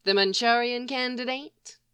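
A sly, mocking thief of a man, as a woman reader puts him on, drawling mild teasing lines. The voice is smooth and unhurried, recorded close and dry. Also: on the high side, bright, forceful tone, no echo, pitched above the performer's own voice.

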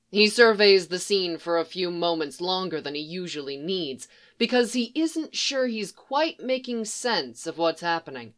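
Low-voiced woman reading fan fiction. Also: a bit bright. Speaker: fanfic audiobook reader. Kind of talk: scripted narration.

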